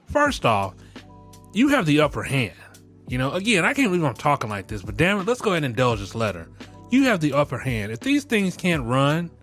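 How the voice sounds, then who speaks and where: A man's voice: a little high, a bit bright. A middle-aged man hosting a podcast, joking and ranting with profanity, often breaking into laughter. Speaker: podcast host. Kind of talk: casual podcast commentary.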